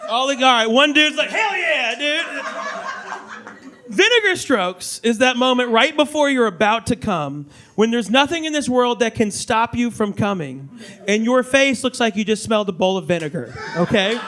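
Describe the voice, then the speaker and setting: A man performing a stand-up comedy set on a club stage, telling crude stories in a loud, animated way. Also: extremely high pitch, moderate pace. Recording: live club audience laughter.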